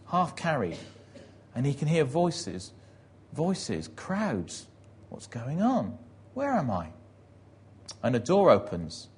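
A man preaching, retelling a story vividly and acting out the shouts and prayers in it. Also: medium pitch, husky. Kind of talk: dramatic sermon storytelling.

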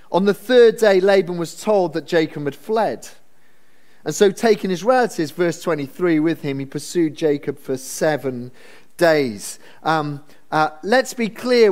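A man preaching a Bible sermon in a conversational, humorous storytelling manner. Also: high-pitched. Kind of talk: expository sermon.

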